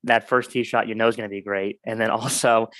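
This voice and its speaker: Male co-host, reflective and measured, monotone delivery. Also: fairly low pitch, dry recording. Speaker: podcast co-host. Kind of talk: casual chat.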